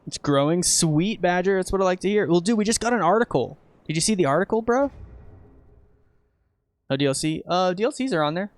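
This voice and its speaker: A man commentating casually as he streams a game, chatting with viewers, excitable and profane. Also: high voice, brisk, no room sound. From United States.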